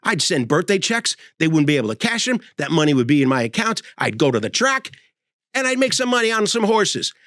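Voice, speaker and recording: A man in his sixties giving a sarcastic, animated comedic monologue as host. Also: on the high side, fairly quick, no room sound. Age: 60s.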